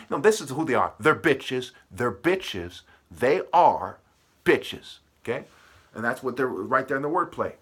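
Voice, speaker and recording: Man, husky middle-pitched voice, ranting solo vlog, heated and profane, circles back on his points and riffs on wordplay. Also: very animated, normal speed, fairly bright tone. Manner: profane, heated, repeats himself, plays on word sounds. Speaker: vlogger. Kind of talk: ranting monologue. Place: at a desk.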